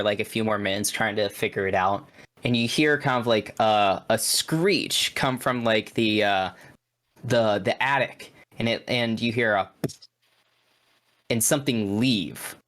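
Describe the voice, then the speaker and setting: Easygoing male game master narrating. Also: mid-range voice. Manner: relaxed, halting narration with many fillers. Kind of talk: narrating a tabletop horror game.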